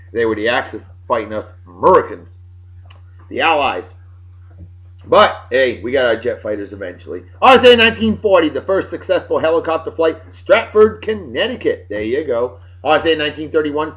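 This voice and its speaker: A man from Massachusetts, running through historical events of the day in a loud, jokey, opinionated way. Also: medium pitch, dull audio. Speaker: video blogger. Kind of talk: casual daily history rundown.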